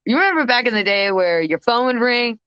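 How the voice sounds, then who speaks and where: A woman's voice: on the high side, expressive, brisk, clear, resonant tone, no echo. A woman, a guest vocalist, chatting on a podcast and telling stories in a rambling, self-interrupting way. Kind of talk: casual podcast conversation. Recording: slightly muffled dry recording.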